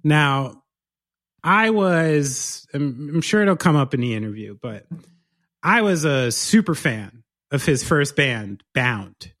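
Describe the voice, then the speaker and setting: A man co-hosting a podcast, chatting casually and telling stories in an animated, joking way. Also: on the high side, slow. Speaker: podcast co-host. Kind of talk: casual chat.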